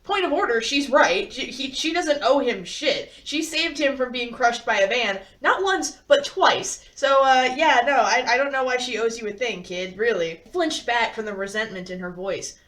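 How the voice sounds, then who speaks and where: A young woman from Michigan reads a novel aloud and breaks off for sarcastic, animated commentary that now and then turns to swearing. Her voice sits a little high. She sounds somewhat distant from the microphone. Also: normal speed, hardly any pauses. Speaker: host reading and commenting on a novel. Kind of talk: sarcastic read-along commentary.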